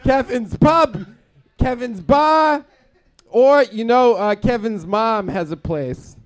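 A blustering working-class guy who swears his way through every rambling story, as a man puts him on. His voice sits high, and he drags his words out slowly. He is crude and always worked up about his neighborhood. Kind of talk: improv comedy.

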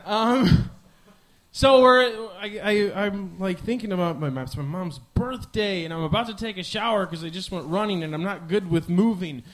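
In a high, somewhat bright voice at moderate speed, a young Midwestern podcaster in his 20s delivers a meandering monologue, swearing and poking fun at himself for laughs.

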